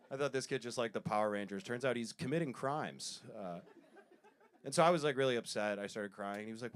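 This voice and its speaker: A man telling stories in a stand-up comedy set, self-deprecating, with quick asides. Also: mid-range voice, a little hiss or hum.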